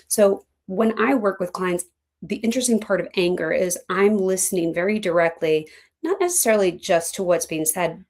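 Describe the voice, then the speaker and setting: A middle-aged woman coach teaching a class in a chatty, animated way, often acting out what her clients say. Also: lowish voice. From Philadelphia. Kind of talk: teaching an online class, conversational.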